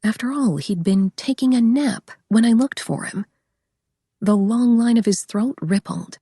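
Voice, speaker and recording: A woman's voice: fairly high pitch, a little slow, mellow, breathy edge, no room sound, studio quality. A young woman reading a first-person audiobook in a wry, conversational way. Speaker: audiobook narrator.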